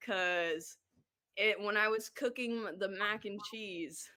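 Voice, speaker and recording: A woman in a casual group call, retelling a story haltingly and repeating her phrases. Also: mid-range voice, bright, forceful tone.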